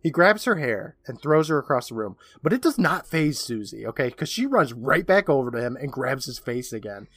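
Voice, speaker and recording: A man's voice: mid-range voice, sing-song, fairly quick, hardly any pauses, fairly bright tone, no room sound, studio quality. A man co-hosting a podcast, recapping a horror episode in casual chat and laughing often. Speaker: podcast co-host.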